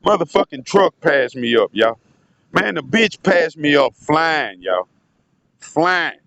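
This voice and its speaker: A man's voice: fairly high pitch, sing-song, slow pace, vocal fry, fairly bright tone. A man telling a rambling, profane story in a casual vlog monologue, often turning to speak to his audience. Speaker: vlogger.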